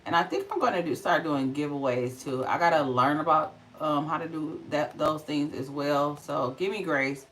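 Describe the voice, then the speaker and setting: A woman's voice: low-pitched, fairly bright tone, recorded from a distance, slight background noise, low-quality recording. A middle-aged woman hosting a casual skincare livestream, chatty and laughing often.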